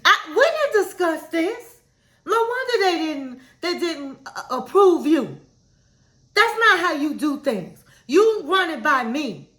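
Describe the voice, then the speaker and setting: A woman voicing an indignant woman scolding her fiancé, in a shrill and demanding tone. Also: big pitch swings, slow, fairly bright tone, exaggerated voice. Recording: roomy echo.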